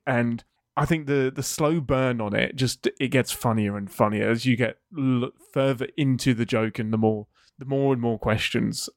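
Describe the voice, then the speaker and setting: A man hosting a podcast, talking chattily about what he enjoyed and making fun of himself with frequent laughter. His mid-pitched voice sounds dry and close, with no trace of a room. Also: dry recording. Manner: chatty, self-mocking, laughs often. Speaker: podcast host. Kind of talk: casual chat.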